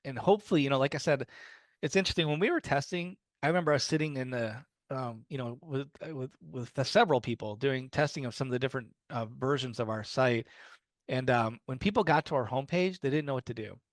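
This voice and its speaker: A man's voice: mid-range voice, quick pace. A man in an easy storytelling mode talks to a group, his sentences full of fillers and restarts. His voice sits in a middle register, and the sound is dry and close with no room echo. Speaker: guest speaker on low-vision resources. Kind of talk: casual talk to a small group.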